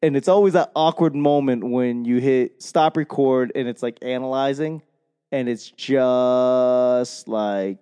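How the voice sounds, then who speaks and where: A man's voice: mid-range voice, slow, warm tone, clear, resonant tone, big-room sound. A man with a Boston accent rambling casually into a microphone, self-deprecating and swearing freely.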